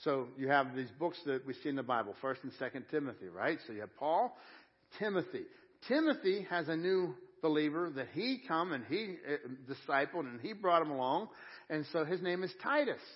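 A man preaching a conversational sermon at a church service, shifting between hushed, slow moments and excited, quicker bursts. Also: on the high side, highs cut off. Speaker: pastor.

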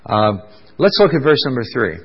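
A man's voice: mid-range voice, very animated, breathy edge. Man, pastor, conversational sermon, questions to the congregation, lingering reverb, dull recording. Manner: conversational, fills pauses with "uh", asks the congregation questions. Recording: dull lo-fi sound with long hall reverb.

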